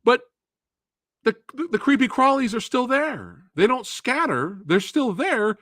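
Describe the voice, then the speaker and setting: Male stream host, movie reviewer, lively swinging pitch, profane exasperated rant. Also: unhurried, no room sound, studio quality. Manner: profane, animated, exasperated ranting. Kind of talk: ranting live stream review.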